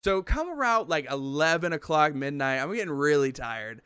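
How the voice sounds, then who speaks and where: A man's voice: a little high, animated, normal speed, pushed and bright, clear, resonant tone, no echo, clean studio sound. A man co-hosting a podcast, telling a long rambling story in casual chat, swearing and restarting as he goes. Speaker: podcast co-host.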